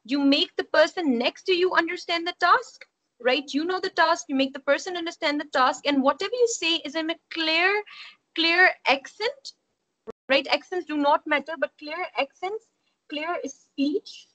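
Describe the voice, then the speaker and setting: A woman with a notably high voice leads an online speaking-exam lesson. She explains in a chatty, repetitive way and keeps checking in with her students. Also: moderate pace, a bit bright, poor audio. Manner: explanatory, repeats key points, frequent "right?" checks. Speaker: OET speaking tutor.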